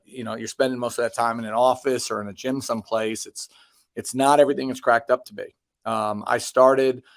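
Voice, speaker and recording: A man's voice: medium pitch, no echo. A man in his thirties, a basketball coach, answering interview questions casually with many ums and restarts and dry self-deprecating jokes.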